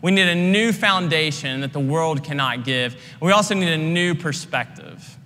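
Earnest young pastor with a bright voice. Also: male voice, fairly high pitch, normal speed, long reverb tail. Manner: earnest, conversational, frequent "like" fillers. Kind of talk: sermon.

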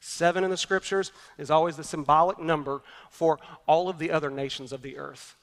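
A man's voice: fairly high pitch, steady tone, a little fast, long reverb tail. A man preaching a sermon as pastor, earnest and emphatic, repeating his key points.

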